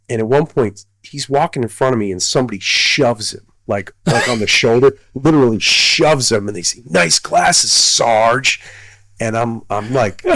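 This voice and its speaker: A man's voice: on the low side, a bit bright, no room sound. A middle-aged man, a retired army colonel, telling a story casually, rambling with many fillers and restarts.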